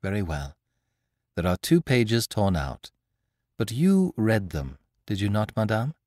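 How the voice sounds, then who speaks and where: A man voicing an eager, excitable young amateur sleuth who presses with urgent questions in an audiobook. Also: fairly low pitch, measured pace, no room sound, clean studio sound. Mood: questioning.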